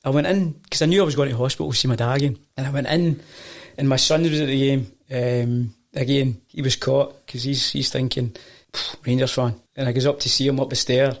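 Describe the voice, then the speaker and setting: A man's voice: medium pitch, fairly even intonation, brisk. A Scottish man and football coach telling stories in a casual chat, acting out the voices of the people he quotes. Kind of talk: casual storytelling.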